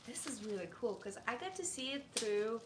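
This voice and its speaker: A woman's voice: fairly high pitch, lively intonation, normal speed. A woman streamer chatting casually and rambling, cooing to her dog between stories. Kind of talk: casual live-stream chat. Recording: echoey room with faint noise.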